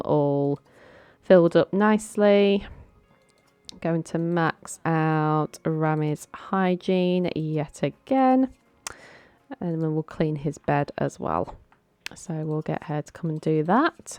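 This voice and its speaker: A young woman with a low, dry-sounding voice chats her way through a life-simulation game. She coaxes her characters along and giggles often, recorded close and without room echo. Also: darkish tone, clear, resonant tone. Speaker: gaming channel host. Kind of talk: casual game commentary.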